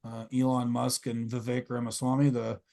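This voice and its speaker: A man's voice: mid-range voice, monotone, moderate pace, gravelly, a crowd in the background. A man hosting a podcast, talking casually in long, rambling runs full of fillers and restarts. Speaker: podcast host.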